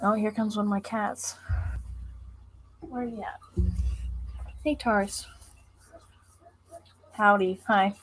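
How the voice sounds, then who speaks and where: A woman's voice: mid-range voice, fairly even intonation, slow pace, pauses often. A young woman filling in on a casual livestream, chatting in a playful, teasing way. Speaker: streamer's girlfriend.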